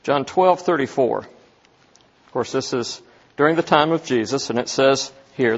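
Slow, deliberate male preacher. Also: medium pitch, highs cut off. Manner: slow, deliberate, asks the listeners questions. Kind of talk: Bible teaching sermon.

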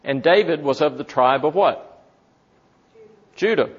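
A man teaching from the Bible in a sermon, slow and deliberate, asking his listeners questions. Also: a little high, breathy edge, lo-fi sound. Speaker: preacher.

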